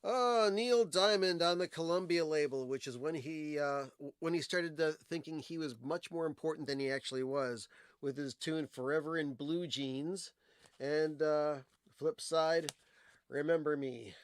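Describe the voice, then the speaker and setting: A man's voice: on the high side, a little slow, smooth, dry recording, studio quality. A man hosting a livestream, chatting casually and at length about old singles and their flip sides, wandering off into stories. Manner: rambling, digressive storyteller with fillers. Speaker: livestream host. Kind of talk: casual music talk, showing old records.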